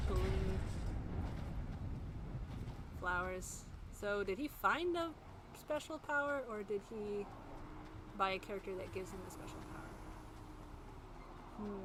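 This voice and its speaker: A woman's voice: mid-range voice, expressive, a little slow, pauses often. A woman in her thirties chatting casually while streaming a game, rambling and self-mocking with frequent laughs. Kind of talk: casual gameplay commentary. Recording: game sound noise in the background.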